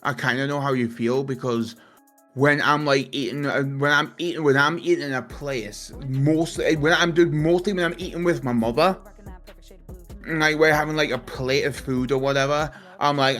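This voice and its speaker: A man's voice: fairly high pitch, normal speed, a bit bright, faint music behind. A young man chatting casually, ranting animatedly and swearing a lot. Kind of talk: casual chat on a stream.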